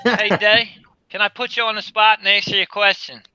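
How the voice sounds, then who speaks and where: A man's voice: sits high, flat delivery, brisk, bright, forceful tone, clear, resonant tone, no echo, highs cut off. A man from Philadelphia with a Philly accent, chatting casually and joking about himself on a podcast. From Philadelphia, USA. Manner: joking, self-deprecating. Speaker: podcast co-host. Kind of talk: casual chat.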